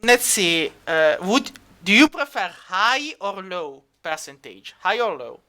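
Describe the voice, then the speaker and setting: Man, game master, bright tone, smooth clear voice, rambling casual narration. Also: high voice, sing-song, unhurried. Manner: rambling, many fillers, laughs easily. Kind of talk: running a tabletop game.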